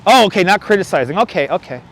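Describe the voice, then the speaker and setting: High-voiced chatty New man outdoors. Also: lively intonation, quick pace, a bit bright. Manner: chatty and joking, reading viewer comments aloud. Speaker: live-streaming walking tour host. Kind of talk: casual live-stream chat. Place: outdoors walking a windy city bridge. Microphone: wireless lapel mic. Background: city traffic and passing subway trains.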